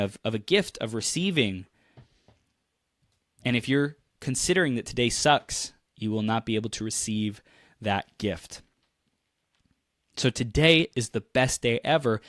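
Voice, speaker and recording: A young adult man coaching in a motivational monologue, energetic and animated, acting out people's reactions and laughing often. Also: medium pitch, dry recording, clean studio sound.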